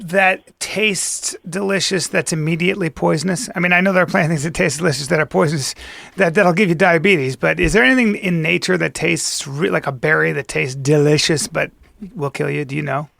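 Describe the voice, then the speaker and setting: A man hosting a podcast interview in casual chat, joking and teasing with quick interjections. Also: a little high, creaky, fairly bright tone, no room sound. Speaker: podcast host.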